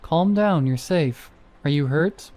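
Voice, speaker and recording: A man voicing a calm male park ranger who talks in a steady, soothing way. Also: on the high side, takes it slowly. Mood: reassuring.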